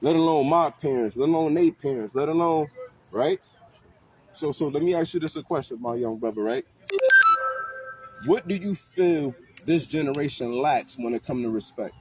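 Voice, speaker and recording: A man's voice: fairly high pitch, normal speed. A man hosting street interviews, talking casually and animatedly in slang to people passing by outdoors. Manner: animated, slangy, talks to passersby. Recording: faint street noise outdoors.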